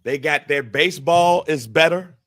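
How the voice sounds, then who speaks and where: A man's voice: a little high, normal speed, a bit bright, no room sound, clean studio sound. A man co-hosting a casual sports podcast, blunt and joking, with plenty of profanity. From Midwest United States. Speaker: podcast co-host. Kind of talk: casual chat.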